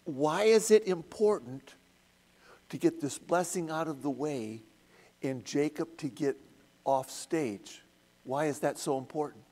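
Slow-speaking man teaching Bible study. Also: on the high side, mellow. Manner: unhurried, conversational storytelling with acted quotes.

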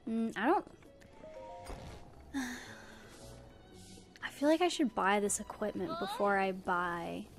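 Slow-talking young woman streamer chatting casually. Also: mid-range voice, animated, music in the background. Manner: chatty, giggly, lots of fillers like "like" and "um". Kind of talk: casual gameplay livestream chat.

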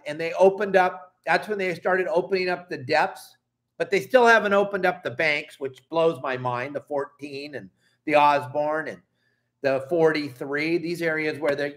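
Middle-aged man, angry fishing vlog rant, emphatic, fairly high voice. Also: a bit bright. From Southern California. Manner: angry, emphatic, swears and apologizes. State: upset. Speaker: fishing channel host.

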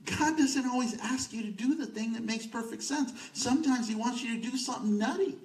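A man's voice: very high-pitched, brisk, hardly any pauses, a little mellow. A male pastor preaching a sermon in a conversational, emphatic way, repeating words for stress. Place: church sanctuary. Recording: echoey church from a distance.

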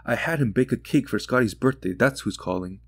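A man's voice: medium pitch, a little fast, slightly rough, no room sound, studio quality, voice pushed up. A man putting on a grief-raw, furious mother. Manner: raw, shouting, bitter. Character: grieving furious mother, middle-aged woman.

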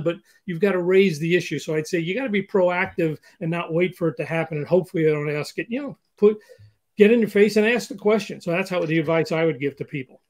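A man's voice: sits high, fast. An older man speaking as an interview guest, giving hiring advice in a conversational way and acting out example dialogue. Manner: animated, acts out example dialogue.

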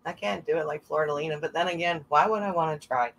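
A woman's voice: low-pitched, quick pace, a bit bright, poor audio. A woman calling a live online coin auction, chatting and laughing between bids. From American South. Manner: chatty, laughs often, sings made-up bits.

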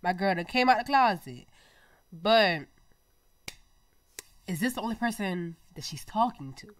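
A young woman hosting her own gaming channel, chatting excitably to viewers over gameplay while her nose is stuffy. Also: medium pitch, a little slow, dry recording. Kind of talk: casual gameplay commentary.

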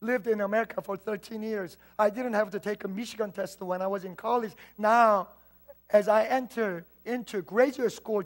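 A man from southern Korea with a southern Korean accent, a native Korean speaker, preaching a sermon as pastor in an earnest storytelling manner that moves between loud and hushed. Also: sits high, steady tone, normal speed.

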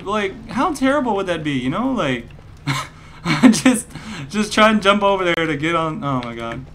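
A man's voice: on the high side, very animated, measured pace, fairly bright tone, slight background noise. Joking young-sounding male gamer. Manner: joking, rambling, bursts into mock rage and laughter. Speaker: gaming commentator. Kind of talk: let's play commentary. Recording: game music playing behind.

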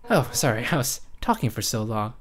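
Chatty young woman with a lively low voice. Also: a little fast, slight background noise. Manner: chatty, giggly, rambling tangents. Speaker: let's play host. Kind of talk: casual let's play commentary.

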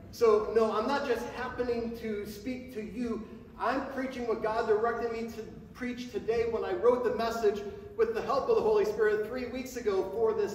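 High-voiced preaching man in echoey hall. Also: darkish tone, far from the mic, a little hiss or hum. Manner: speeds up and rises in pitch when passionate. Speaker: pastor. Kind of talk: sermon. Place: church sanctuary before a congregation.

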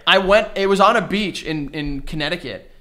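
A young man co-hosting a podcast, telling stories in a loose, animated way and swearing often. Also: high voice, brisk. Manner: animated storytelling, swears a lot. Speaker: podcast co-host. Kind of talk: casual chat.

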